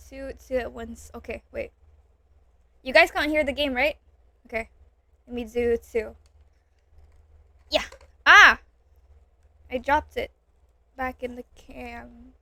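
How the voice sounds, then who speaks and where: A woman's voice: high-pitched, bright, forceful tone, no room sound. A young woman streamer chatting casually into a close desk mic while snacking, giggly and rambling, repeating herself when flustered. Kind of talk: casual livestream chat while eating.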